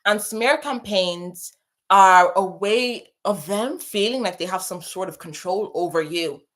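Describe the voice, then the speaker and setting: A woman's voice: medium pitch, a little slow, a bit bright. Chatty young woman giving emphatic advice. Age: young adult. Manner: chatty, emphatic, repeats phrases for stress. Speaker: advice host. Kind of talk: casual advice chat reading viewer messages.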